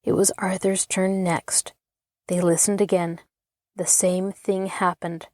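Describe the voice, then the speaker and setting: A woman hosting and narrating a children's storybook audiobook in an expressive storytelling way. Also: lowish voice, slow, no echo, clean studio sound. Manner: expressive, even storytelling pace.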